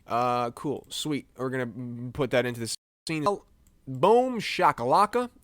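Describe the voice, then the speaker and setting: A man's voice: mid-range voice, fairly even intonation, normal speed, a bit bright, no room sound, clean studio sound. A young American man chatting casually while he edits images live for a stream, rambling, joking at himself and laughing often. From United States.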